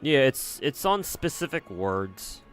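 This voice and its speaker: A man's voice: mid-range voice, sing-song, slow, soft background music. A man streaming a game, rambling casually and swearing freely as he reacts. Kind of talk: casual gameplay commentary.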